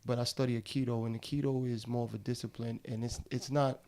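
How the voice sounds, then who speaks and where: Male podcast guest, mid-pitched, animated storyteller, slangy and laughing, close studio mic. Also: fast talker. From Harlem, New York. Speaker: guest, actor. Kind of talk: casual podcast interview. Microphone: studio dynamic mic.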